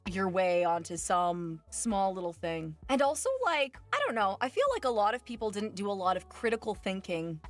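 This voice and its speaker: Woman, mid-pitched, earnest and reflective, faint music in the background. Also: animated, moderate pace, few pauses. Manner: earnest, reflective, slightly rambling. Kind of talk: reflective monologue.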